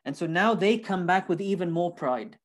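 A man's voice: high-pitched, animated, moderate pace. A man giving a lecture on the Quran, explaining Arabic words one by one and repeating points earnestly for emphasis. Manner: explains Arabic terms step by step, quotes and translates verses.

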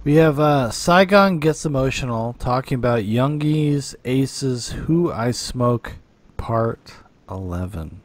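A man's voice: medium pitch, lively intonation, slow pace, dry recording. A man hosting a podcast, joking with dry, mock-formal sarcasm in casual commentary. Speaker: podcast host.

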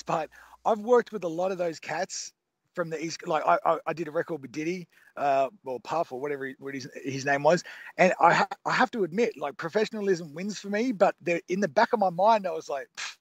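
A recording engineer in his thirties talks through his sessions in a loose, restless way, circling back and restarting his sentences. His voice sits a little high for a man. The sound is dry and close. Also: a little fast, no room sound. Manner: rambling with many restarts and fillers. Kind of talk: casual interview talk.

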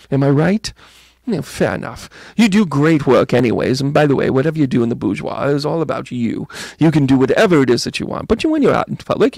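A man's voice: mid-range voice, vocal fry, a little mellow, dry recording. A man putting on a British accent to play a theatrical male psychic medium who calls the listener "my dear" and teases her. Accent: British (put on). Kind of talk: mock tarot reading on a live stream.

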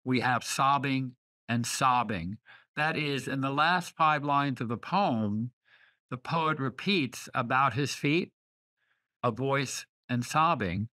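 A man lecturing on poetry over a video call. He talks at an unhurried, measured pace, leaning on words as he reads lines aloud. His tone is bright and forceful. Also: mid-range voice. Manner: deliberate, reads verse aloud with careful emphasis. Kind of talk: online literature lecture.

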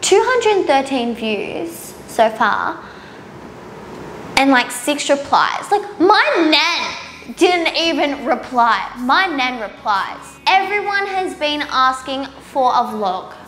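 A woman's voice: sits high, sing-song, takes it slowly, a bit bright, a little hiss or hum. A tired young woman chatting casually through a hair tutorial in a salon, rambling and poking fun at herself. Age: young adult. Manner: chatty, self-mocking, giggly, rambling. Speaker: beauty vlogger. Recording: roomy salon with music underneath.

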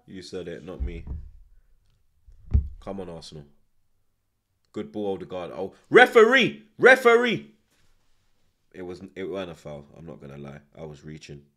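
A man's voice: low voice, moderate pace, long pauses. A man giving live reaction commentary as a football watchalong host, swearing heavily and barking short, repeated commands. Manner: swears heavily and shouts in frustration.

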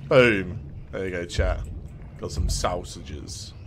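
A man's voice: low voice, slow pace, noisy background. A man streaming a horror game, reacting with swearing and frequent laughter. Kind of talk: live game commentary.

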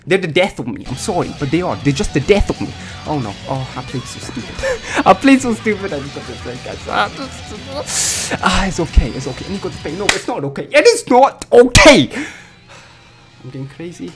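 A young man giving rambling, excitable commentary over his own gameplay as a gaming YouTuber, swinging between muttering and yelling. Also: high voice, a little fast, few pauses, over music.

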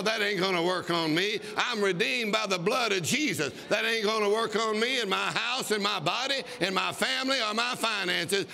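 A man's voice: sits high, creaky, bright, forceful tone. A man preaching a fervent sermon, exhorting his congregation and breaking into mock laughter. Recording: long reverb of a large hall.

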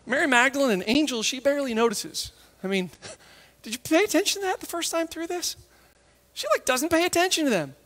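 Animated woman preaching in an echoey hall. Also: high voice. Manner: lively and conversational, acting out the disciples and Mary in quick asides. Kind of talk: sermon.

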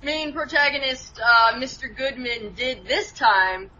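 Woman co-host, analytical casual chat, bright, slightly high voice, dull lo-fi recording with faint hiss. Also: lively intonation, measured pace. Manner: explains at length, analytical. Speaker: co-host in a film review chat.

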